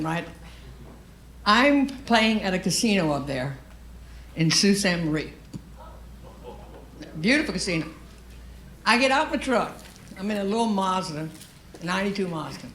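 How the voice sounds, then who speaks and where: A stand-up comedian from Louisiana with a Cajun Southern accent tells a brash, profane story during her set on a comedy stage before a live audience. Her voice is mid-range with a fairly bright tone, and the roomy venue adds faint ambience and slight background noise.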